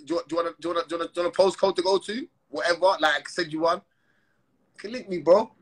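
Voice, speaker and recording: A man holds forth on a phone livestream. His voice is husky and sits a little high for a man. His delivery is heated, slangy and full of repeated call-outs. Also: racing. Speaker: Instagram live streamer. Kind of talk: confrontational live-stream rant.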